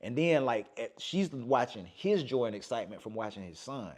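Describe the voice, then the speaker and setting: A man's voice: mid-range voice, moderate pace. A man on a casual podcast, retelling film scenes with energy, acting out the lines and often saying "man". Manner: animated storytelling, acts out movie lines, says "man" often. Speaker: podcast host.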